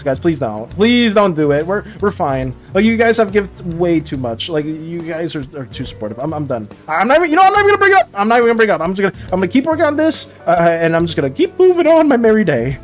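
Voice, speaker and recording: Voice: medium pitch, darkish tone. A streamer chatting casually with viewers while drawing, stammering and repeating words, emotional and flustered.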